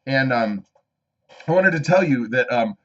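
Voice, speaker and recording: A man's voice: mid-range voice, animated, measured pace. A man hosting a homestead live stream, chatting casually and reading out viewer comments as he goes. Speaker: homestead channel host. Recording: slightly dull lo-fi live stream audio.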